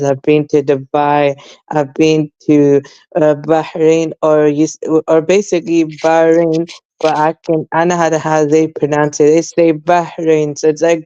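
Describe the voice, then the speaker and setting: Young London man, college age, guest in a casual chat, flat delivery, muffled and dry. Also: on the high side, normal speed, smooth, dry recording. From England. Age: young adult. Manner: rambling, repeats fillers like "basically" and "though".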